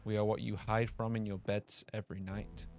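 A cold, menacing disfigured survivor, as a podcast host puts him on for a spoken horror tale. He talks slowly in a low, hushed and ominous voice. Faint music plays behind him. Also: little pitch movement, lightly acted. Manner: slow, low, ominous delivery.

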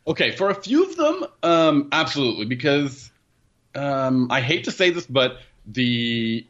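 A man's voice: medium pitch, big pitch swings, a little slow, fairly bright tone. A man reviewing a car in a casual podcast chat, rambling and correcting himself as he goes, with small laughs at his own jokes. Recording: muffled, lo-fi audio.

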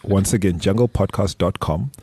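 Deep husky-voiced man. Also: darkish tone, dry recording. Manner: loose, rambling, with restarts and quick laughs. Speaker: podcast co-host, business strategist. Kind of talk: casual podcast chat and ad reads. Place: studio.

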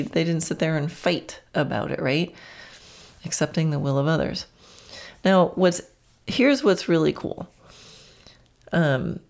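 A woman hosts her own horse-training podcast, talking through ideas in a relaxed, reflective way and laughing often at herself. Her voice sits notably low for a woman, warm and conversational. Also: creaky. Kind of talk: solo podcast talk.

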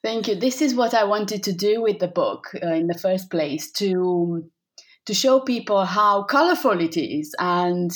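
A woman's voice: medium pitch, lively intonation, unhurried. A woman from Romania, a guest author in a casual interview, speaking in a hesitant way with fillers and repeated words.

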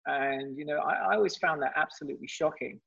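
A man being interviewed, telling his story casually in a halting way, with repeated words and restarts. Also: fairly high pitch, creaky, fairly bright tone, husky. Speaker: guest. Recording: dull muffled audio.

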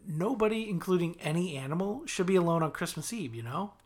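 A man's voice: high-pitched, animated, brisk, voice pushed up. A man reading aloud and voicing a kind-hearted young man who drives for animal control, shy and a little awkward. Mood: earnest.

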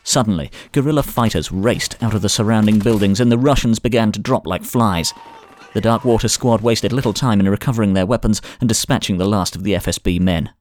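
A man narrating a thriller audiobook in a measured, dramatic style, recorded in a studio. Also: fairly low pitch, a little mellow.

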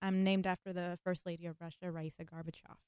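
Guest: chatty young woman from Los Angeles, smooth tone. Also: fairly low pitch, little pitch movement, fast, darkish tone, dry recording, dull audio. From Los Angeles, USA. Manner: candid, chatty storyteller. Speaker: guest actress. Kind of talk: casual podcast interview.

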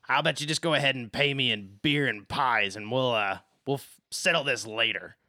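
A man's voice: mid-range voice, moderate pace, bright, forceful tone, no echo, clean studio sound. A man voicing a strong, tough female barber who owns her shop and speaks bluntly and dismissively. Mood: curt.

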